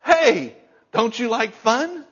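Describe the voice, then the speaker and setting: A man's voice: very high-pitched, expressive, slow, a bit bright, husky, lo-fi sound, pitched above the performer's own voice, heavily acted. A male preacher voicing the devil as a sly, mocking tempter. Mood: wheedling. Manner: mocking, wheedling.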